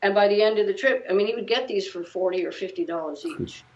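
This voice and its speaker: An older woman talks from her living room over a video call, winding through long anecdotes and often restarting her sentences. Her pitch sits in a middle range, the audio is slightly dull and lo-fi, and a faint hiss runs underneath. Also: quick pace, a little mellow. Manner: rambling anecdotes with frequent restarts. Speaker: guest musician. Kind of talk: casual interview storytelling.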